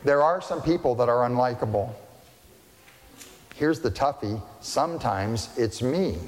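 A man preaches a sermon in an easy, conversational manner, at a middling pitch for a man. He keeps asking his listeners rhetorical questions and drops in dry jokes. His voice rings with the long reverb of a large church room. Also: animated, a little slow. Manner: conversational, asks the congregation rhetorical questions, dry humorous asides. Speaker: pastor.

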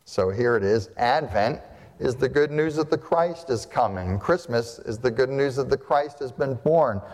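The pastor speaks at medium pitch with a slightly mellow quality, emphatically addressing his congregation. Rhetorical questions and repeated phrases mark his sermon, recorded in a church sanctuary with long hall reverb.

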